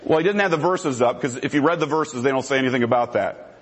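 A man's voice: mid-range voice, quick pace, rough recording. A man giving a formal debate presentation, emphatic and repeating his key points.

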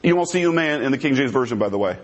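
A man's voice: mid-range voice, animated, very fast, lo-fi sound. A man giving a formal debate presentation, emphatic and repeating his key points.

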